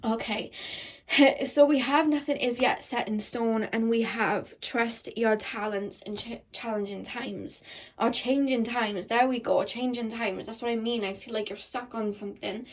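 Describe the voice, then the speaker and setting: A woman's voice: on the high side, steady tone, measured pace, poor audio. A young woman giving a casual, earnest tarot reading to her viewers, rambling with fillers and restarts, at times tearful. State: tearful and emotional. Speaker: tarot card reader.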